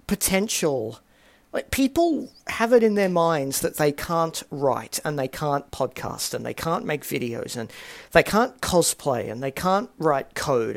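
A man's voice: a little high, vocal fry. A man hosting a casual solo podcast, talking in a chatty, self-deprecating way full of rambling asides. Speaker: podcast host.

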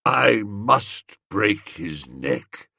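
A man's voice: fairly low pitch, very animated, very slow, gravelly, pushed and bright, husky, dry recording, studio quality, voice pushed down, exaggerated voice. A man voicing an aggrieved blustering bully. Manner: sulky, pleading protest.

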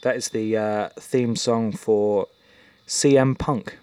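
A man's voice: on the low side, steady tone, slow pace, darkish tone, clean tone, no room sound, faint music behind. A man co-hosting a podcast in casual chat, rambling and hesitant with lots of um and uh. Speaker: podcast co-host.

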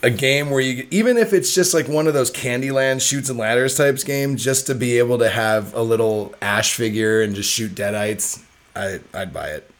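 A man's voice: medium pitch, normal speed. A man co-hosting a podcast, chatting crudely and joking with restarts, complaining he is overheated in a hot room. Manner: profane, joking, rambling with restarts. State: overheated, sweating. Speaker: podcast co-host. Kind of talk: crude casual chat.

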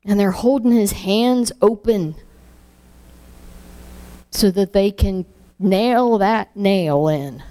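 In a medium-pitched voice, a woman gives an emotional spoken testimony, halting and repeating herself and at times falling to a hush.

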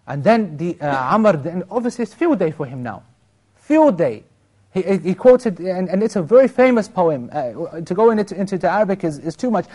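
A man teaching an Islamic lesson, retelling a story with animated restarts and Arabic phrases. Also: sits high, moderate pace.

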